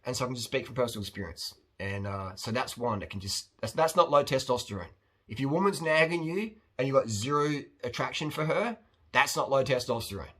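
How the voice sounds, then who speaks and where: A man hosting a casual advice monologue, talking bluntly and rambling, animated as he acts out other people's voices. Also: mid-range voice, a little fast. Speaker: host answering viewer questions.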